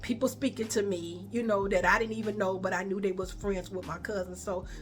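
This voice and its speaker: A woman's voice: medium pitch, steady tone, a little fast, slight background noise. Chatty woman telling a story. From Chicago. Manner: chatty, repetitive, addresses viewers as y'all and baby. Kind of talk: casual storytime.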